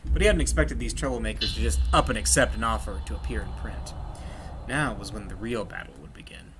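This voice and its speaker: A man reading a visual novel aloud in plain, steady narration. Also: fairly low pitch, fairly quick, background noise. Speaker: reader of a game's text.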